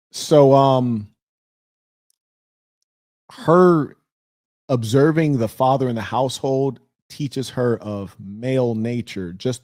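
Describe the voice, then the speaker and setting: A middle-aged man hosting a relationship advice livestream, talking candidly and telling stories with loud, animated outbursts. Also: mid-range voice, no echo, clean studio sound. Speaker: host of a relationship advice show. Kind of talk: casual livestream talk reading viewer messages.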